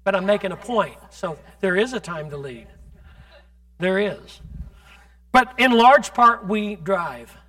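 Male preacher, high bright voice, fervent sermon style that pushes into shouting and calls out to the room. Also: lively intonation, a little slow. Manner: builds from conversational to fervent shouting; calls on the congregation directly.

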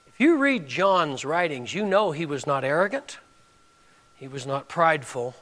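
High, bright-voiced preaching pastor. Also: male voice, sing-song, a little slow, pauses often. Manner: preaching with rising emphasis and direct questions to the congregation. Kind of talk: sermon.

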